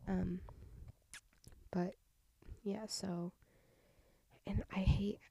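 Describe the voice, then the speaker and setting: A woman's voice: medium pitch, little pitch movement, very slow, gravelly, mellow, breathy edge, dry recording. A young woman with a stuffy nose hosting a casual solo podcast, rambling with half-whispered asides into a home mic. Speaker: podcast host.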